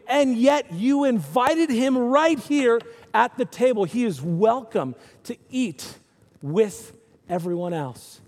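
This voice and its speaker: A man preaching a sermon in a casual, animated way, with slangy asides to the congregation. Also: sits high. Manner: casual, animated, says dude and bro. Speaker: pastor. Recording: long hall reverb.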